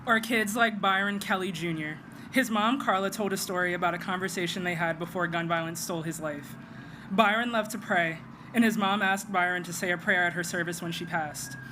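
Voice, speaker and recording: A woman's voice: fairly low pitch, a little fast. A young woman, a student activist, reads a prepared statement steadily at an outdoor rally. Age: young adult. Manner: steady, read-out delivery. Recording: outdoor street noise.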